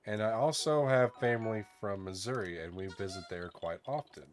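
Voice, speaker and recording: A man from northern Texas with a soft Southern Texan accent, chatting in a relaxed, soft-spoken way with a gentle lilt while streaming a game. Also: lowish voice, normal speed. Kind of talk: relaxed casual chat while gaming.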